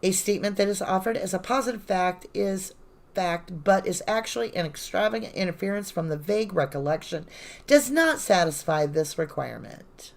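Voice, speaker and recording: A woman's voice: medium pitch, animated, normal speed, creaky. A woman hosting a true-crime channel, reading court papers aloud live and breaking off into sarcastic, indignant asides. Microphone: phone.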